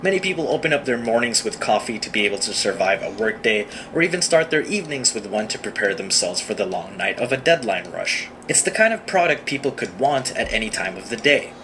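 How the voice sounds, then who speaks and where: A man's voice: fairly low pitch, sing-song, fairly quick, hardly any pauses. A man in his thirties giving wry, self-mocking scripted comic narration of his own story. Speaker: animated storyteller. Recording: noisy played-back video clip.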